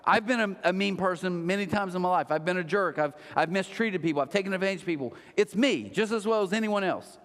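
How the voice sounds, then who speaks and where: A pastor giving a casual, conversational sermon, retelling a Bible story with animated voices for the people in it. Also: male voice, high-pitched, quick pace, hardly any pauses. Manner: animated storytelling, acts out quotes. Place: church auditorium. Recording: long hall reverb.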